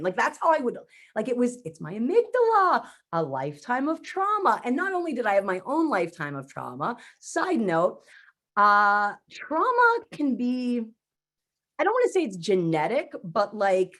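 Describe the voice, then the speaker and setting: A woman comedian gives a talk with a bright, fairly high voice that swings up and down a lot. She tells her stories in a casual, animated way and acts out her own inner voice. She is middle-aged and from the United States. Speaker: comedian and mental health speaker. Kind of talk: conference talk with comic storytelling.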